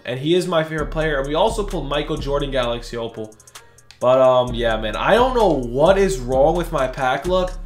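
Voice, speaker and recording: A young man doing casual, excitable commentary for a gaming video, slangy and hyped, jumping between shouting and muttering. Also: a little high, echoey room. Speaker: gaming YouTuber. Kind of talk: casual pack-opening commentary.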